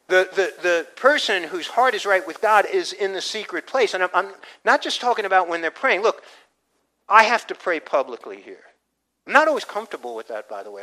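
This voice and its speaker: A man's voice: high-pitched, sharp tone, low-quality recording. An older man, a pastor, preaching a conversational sermon with frequent restarts and asides. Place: church.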